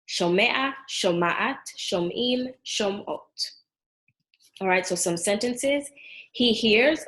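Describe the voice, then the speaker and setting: A woman teaching a Hebrew verb lesson, going clearly and patiently through sound patterns and conjugations. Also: mid-range voice, low-quality recording. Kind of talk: language lesson.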